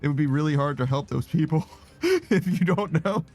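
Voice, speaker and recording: A man's voice: on the high side, animated, moderate pace, darkish tone, soft background music. Laid-back man streaming and chatting. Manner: laid-back, rambling, laughs often. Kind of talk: casual chat reading out chat messages.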